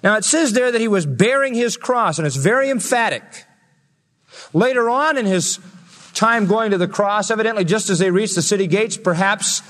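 A man preaching from the pulpit of a large church, his voice pitched a little high and ringing with long hall reverb. He builds to loud, emphatic peaks and drags out key words for weight. The delivery is a full sermon, urgent and declarative. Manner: emphatic, rising to loud peaks, slowing for stress. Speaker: pastor.

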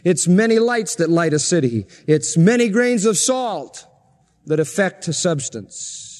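Emphatic high-voiced male preacher, long reverb. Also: a little mellow. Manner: emphatic, insistent preaching with repeated phrases. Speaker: pastor. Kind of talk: sermon.

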